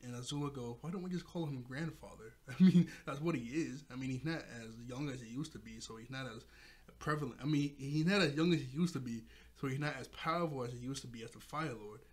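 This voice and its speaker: A man's voice: mid-range voice, fast talker. A man recapping a cartoon episode in a loose, slangy way, often laughing and correcting himself. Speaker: show reviewer.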